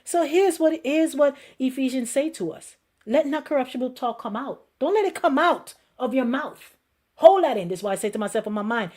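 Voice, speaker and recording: A woman pastor giving a conversational sermon as host of her show, lively and repetitive, acting out the people she quotes. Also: high voice, normal speed.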